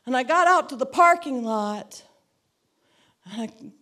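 A woman's voice: high-pitched, expressive, measured pace, pushed and bright. A woman giving a personal testimony to a church, earnest and reflective, repeating phrases for emphasis. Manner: acts out quoted dialogue in her story.

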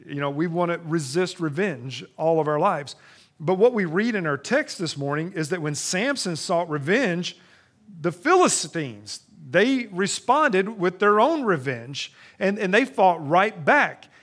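A middle-aged male pastor delivers a sermon in a slightly high voice. He drops into quiet, conversational asides, then climbs loud and animated when reading scripture. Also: measured pace.

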